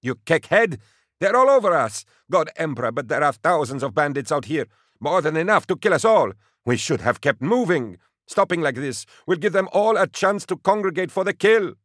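Man putting on a shrill panicked convoy driver, bellowing, high strained voice, frantic insults, dry close sound. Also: very animated, normal speed, fairly bright tone, dry recording. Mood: panicked shouting.

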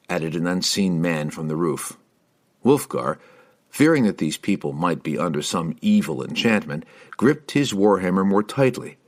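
Man, audiobook narrator, deep voice, animated pitch, expressive reading. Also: normal speed.

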